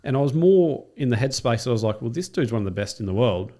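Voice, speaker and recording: A man, a triathlete and coach, telling a race story in casual chat with lots of swearing and acted-out quotes. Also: medium pitch. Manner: rapid, profane, animated retelling with acted-out quotes. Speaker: podcast guest, triathlete and coach.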